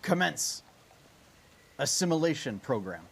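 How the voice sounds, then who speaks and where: A man voicing a booming mechanical guardian that speaks in slow, clipped announcements. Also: sing-song, creaky, breathy edge, full character voice. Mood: commanding.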